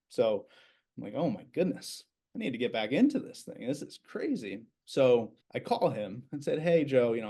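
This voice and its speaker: A man's voice: medium pitch, darkish tone. A man, a business owner in his thirties, telling stories casually as a podcast guest, with many fillers and repeated words. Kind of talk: casual interview storytelling.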